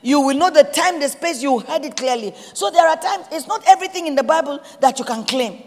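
A woman's voice: high-pitched, animated, brisk, few pauses, a little mellow, big-room sound. A woman pastor with a Nigerian accent preaching a sermon, emphatic and repetitive, acting out prayers in quotes.

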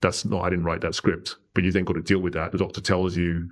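Deep-voiced man telling a story. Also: a little fast, few pauses. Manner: animated storyteller, tags lines with "right?". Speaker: podcast guest. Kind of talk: conversational storytelling.

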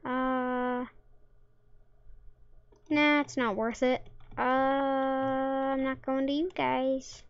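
High-voiced woman narrating her gameplay. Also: level tone, very slow, long pauses, no echo, dull audio. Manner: playful, silly sound effects and jokes. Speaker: gamer. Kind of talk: casual gameplay commentary.

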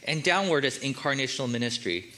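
Bright-voiced, joking male pastor. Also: medium pitch, lively intonation, quick pace. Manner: casual, joking, conversational preaching. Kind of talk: sermon.

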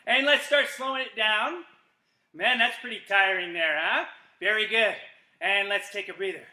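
Upbeat coach in an echoey gym. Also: male voice, extremely high pitch, moderate pace. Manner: energetic, shouts commands and playful yells. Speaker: gymnastics coach. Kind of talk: live-streamed kids' exercise class. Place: empty gym.

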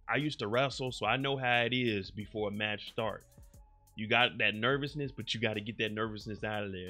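A man casually recapping a TV episode in an animated way, slipping into the characters' lines, with AAVE speech and light music behind him. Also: lowish voice. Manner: animated, acts out characters' lines in quick bits. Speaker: recap host.

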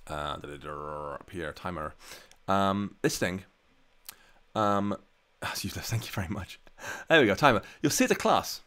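A man hosting a live coding stream from home, chatting casually and answering viewer questions with plenty of ums. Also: medium pitch. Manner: chatty and relaxed, many ums and restarts.

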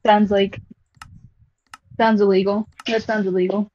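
A woman chatting casually, teasing and interrupting with deadpan jabs. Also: medium pitch, unhurried, muffled recording. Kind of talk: casual chat.

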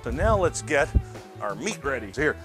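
A man's voice: medium pitch, big pitch swings, normal speed, fairly bright tone, faint music behind. A man hosting his own cooking show, chatting casually to viewers while he demonstrates a recipe, often repeating words as he goes. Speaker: cooking channel host.

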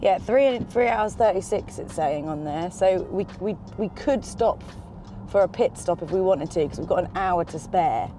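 Chatty woman vlogging from the car, gets all excited, road rumble behind her. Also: normal speed. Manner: chatty, excitable, swears casually. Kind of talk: casual road-trip chat. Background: car and road noise.

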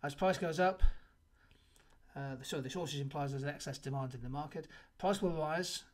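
A man with a fairly high voice and moderate pace teaches an economics revision lesson, explaining multiple choice answers one by one. He stresses the key answers emphatically and occasionally restarts his sentences.

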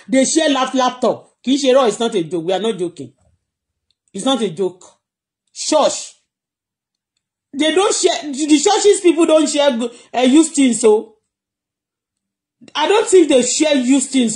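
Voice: medium pitch, darkish tone. Chatty Nigerian-accented live-stream blogger. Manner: chatty, laughs often, switches languages freely. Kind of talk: casual live-stream commentary. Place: at home in Canada.

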